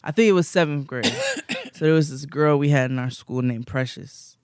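A young man, a podcast co-host, telling rambling, animated stories in casual chat and laughing often. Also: a little high, moderate pace, clean tone, dry recording, clean studio sound.

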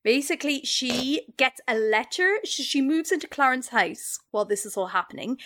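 A woman hosting a comedy podcast, telling a long story in a quick, animated way. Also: sits high.

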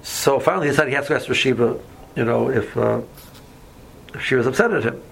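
Male Torah teacher, chatty and rambling, gravelly, faint hiss behind. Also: medium pitch, fairly quick, a bit bright, poor audio. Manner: rambling, many fillers, mixes Hebrew and Yiddish terms. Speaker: yeshiva teacher. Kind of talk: casual Torah lecture with stories.

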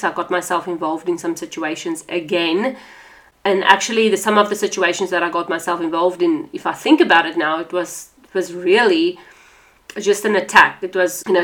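Woman from South Africa, podcast host, personal testimony, earnest and chatty, lowish voice. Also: a bit bright. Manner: earnest, conversational, frequent "you know" fillers.

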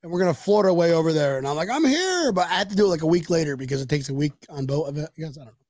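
A man's voice: on the high side, fairly even intonation, racing, darkish tone, dry recording, studio quality. A man co-hosting a casual sports chat, rowdy and joking, swearing and slipping into silly voices. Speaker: podcast co-host.

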